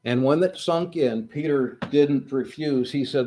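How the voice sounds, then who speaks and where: A man's voice: mid-range voice, unhurried, few pauses, warm tone, a little hiss or hum. A man preaching a sermon, telling a Bible story in an earnest, storytelling manner.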